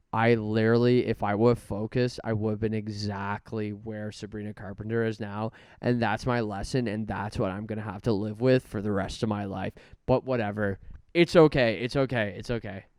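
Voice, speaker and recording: A man's voice: on the low side, a little mellow, clean tone, no echo, clean studio sound. A man hosting a solo podcast, rambling through jokes and self-mocking asides. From Canada. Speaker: podcast host.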